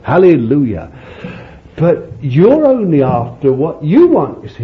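A man preaching a sermon, calling his listeners beloved, laughing between points and jumping high when he voices prayers and pleas. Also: moderate pace. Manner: animated, jumps to high pitch for quoted pleas. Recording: dull lo-fi old sermon tape with faint hiss.

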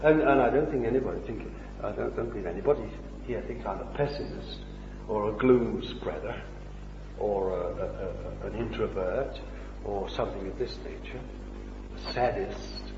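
Impassioned preacher in a hall. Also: male voice, fairly low pitch, moderate pace, a little hiss or hum. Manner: impassioned, swings between loud and hushed, rhetorical questions. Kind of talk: sermon. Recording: dull old recording in an echoey hall.

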